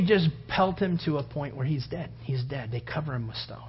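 A man preaching a sermon, acting out the story with loud outbursts and hushed whispers. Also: a little high, lively intonation, moderate pace, hardly any pauses, husky. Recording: dull lo-fi sound.

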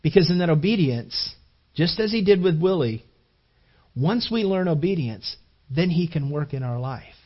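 A middle-aged man preaching a sermon in a conversational way, often repeating and restarting words and moving between hushed and raised passages. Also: fairly high pitch, lively intonation, moderate pace, dull audio. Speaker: pastor.

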